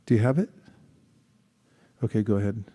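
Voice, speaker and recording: A man leading a scripture study class, reading a passage aloud and then asking thoughtful questions, often pausing to rephrase. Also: on the low side, dark tone, breathy edge. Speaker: class leader.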